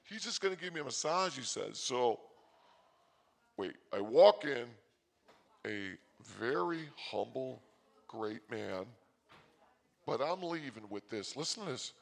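A man hosting a comedy show, telling a rambling story with loud bursts and quick asides. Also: mid-range voice, very animated, creaky. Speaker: comedy host. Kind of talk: rambling comic monologue.

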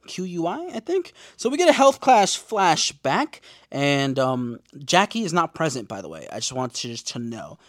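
A young man casually recapping TV episodes from his notes, slangy and profane, with lively asides. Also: on the high side, normal speed, hardly any pauses, dry recording, studio quality. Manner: slangy, profane, animated storytelling. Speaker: show recap host.

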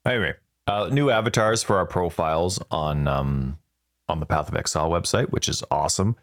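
A man's voice: deep voice, fairly quick. A man co-hosting a casual gaming podcast from home at a desk mic, talking in a rambling, chatty way. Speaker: podcast co-host. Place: home recording setup with a cat nearby. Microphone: desk microphone.

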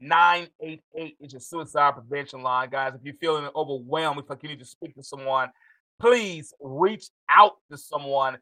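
A man hosting a live interview show, animated and quick to laugh, talking to his audience. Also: on the high side, no room sound, rough recording. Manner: animated, excitable, laughs often. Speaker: host.

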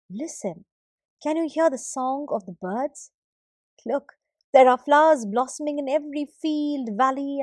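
Cast a woman playing an earnest young storybook son, gentle and pleading, with slow, lively delivery. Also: high voice, no room sound, studio quality, voice pushed up.

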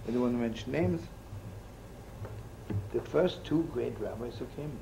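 Gravelly old-time rabbi telling stories. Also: male voice, medium pitch, moderate pace. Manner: folksy, jokey, sprinkles Yiddish and Hebrew words. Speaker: rabbi teaching. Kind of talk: storytelling sermon. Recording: noisy old recording.

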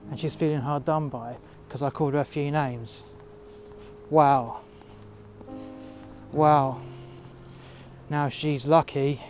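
A man's voice: on the high side, fairly even intonation, takes it slowly, pauses often, darkish tone. Guy ranting angrily outside in the cold, swearing, music underneath. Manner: heated, profane, ranting. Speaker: storyteller recounting a workplace dispute. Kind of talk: casual spoken storytelling. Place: outdoors in freezing cold.

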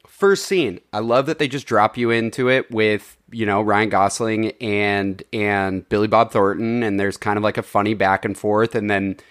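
A man's voice: on the low side, fairly even intonation, normal speed, a bit bright, clean tone. A man co-hosting a casual film review podcast, rambling with lots of filler and swearing freely. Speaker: podcast co-host reviewing films. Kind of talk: casual chat.

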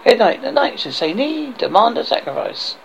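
A man's voice: very high voice, very animated, normal speed, gravelly, pitched above the performer's own voice, full character voice. Man doing a haughty forest knight leader. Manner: haughty, demanding. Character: stern male leader of eerie forest knights. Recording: dull lo-fi with faint hiss.

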